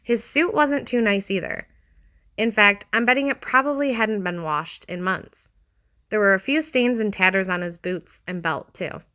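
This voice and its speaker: A woman giving a steady, expressive scripted reading of a horror story. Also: mid-range voice, normal speed.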